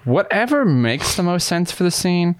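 A young man playing a tabletop game, low-key and matter-of-fact in casual chat. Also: big pitch swings, normal speed, no echo. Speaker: player.

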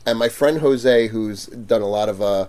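A man telling stories in a casual chat, animated, laughing and acting out quotes loudly. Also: lowish voice, moderate pace. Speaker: guest vendor.

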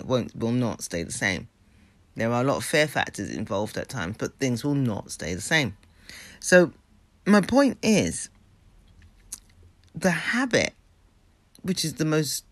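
A man with a slightly high voice, recorded without echo, delivers a motivational talk on habits and mindset. He's earnest and emphatic, repeating phrases and checking in with the listener.

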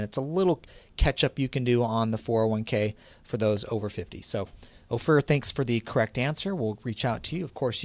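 A man co-hosting a radio show on tax and law, walking listeners through numbers in a steady, explanatory manner. His pitch is average. The sound is dry and close. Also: no echo. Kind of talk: casual radio talk.

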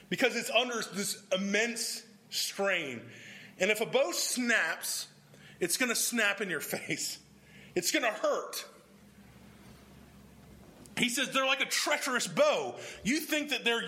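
A pastor with a high-sitting, sharp-toned voice preaches a sermon, working through scripture verse by verse. Along the way he puts questions to his congregation.

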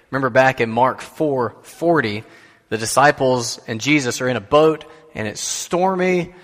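A man's voice: mid-range voice, a bit bright. A man giving a sermon as pastor, in a conversational way that puts questions to the listeners. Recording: long hall reverb.

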